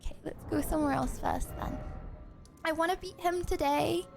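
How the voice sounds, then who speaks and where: A young woman streaming a game, chatty and excitable, talking to her chat with sudden yelps and shouts. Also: extremely high pitch, moderate pace, vocal fry, faint music behind. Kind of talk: live gameplay commentary.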